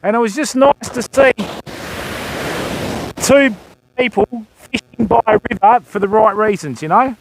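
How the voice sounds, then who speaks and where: A man's voice: high-pitched, a little slow, long pauses. An older Australian man fishing from a beach on a livestream, chatting to viewers and thanking them while he casts. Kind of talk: live fishing stream chat. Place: outdoors on a beach by the surf. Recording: faint surf noise outdoors. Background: waves and surf.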